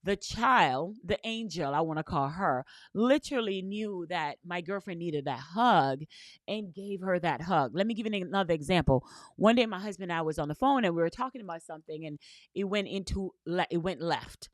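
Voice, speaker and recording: A woman's voice: fairly low pitch, expressive, moderate pace, no echo. A woman business coach giving an earnest motivational talk, telling stories with repeated "right?" and spiritual language. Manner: earnest, repetitive storytelling with frequent "right?"; uses faith and spiritual language.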